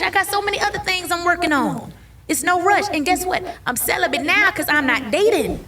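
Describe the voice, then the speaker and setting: A woman's voice: extremely high pitch, expressive, a little fast, recorded from a distance, noisy background. A woman giving a candid faith testimony as an interview guest, earnest and repeating soothing reassurances.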